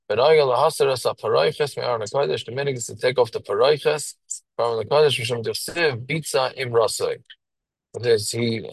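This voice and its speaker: A man's voice: mid-range voice, husky, dry recording, low-quality recording. Man teaching text, dry close sound. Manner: reads Hebrew phrases then explains in English, with restarts. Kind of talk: reading and translating a Hebrew text line by line.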